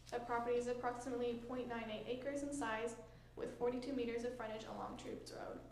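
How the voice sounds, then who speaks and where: A woman planner reading a formal staff report in a measured, procedural way. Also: a little high. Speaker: municipal planner presenting a report. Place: council chamber. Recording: echoey meeting room with faint noise.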